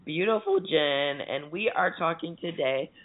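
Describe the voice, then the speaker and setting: A woman's voice: low-pitched, a little slow. Chatty woman storyteller on a tinny line. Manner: chatty storytelling, animated retellings. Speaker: radio talk show co-host. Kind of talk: casual chat.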